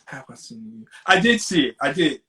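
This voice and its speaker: High-voiced laid-back New man. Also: sing-song, fast, sharp tone, far from the mic. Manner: laid-back, laughs often. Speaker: guest. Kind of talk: casual chat.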